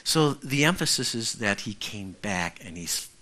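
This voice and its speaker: A man's voice: fairly low pitch, animated, a little slow, sharp tone. A male pastor preaching a conversational sermon who keeps checking in with the congregation.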